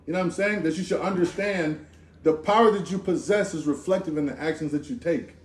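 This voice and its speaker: Animated man preaching in an echoey room. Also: a little high, fairly quick. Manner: animated, conversational, slangy with asides. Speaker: speaker giving a Torah talk. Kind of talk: informal sermon. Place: Sukkot gathering in a room.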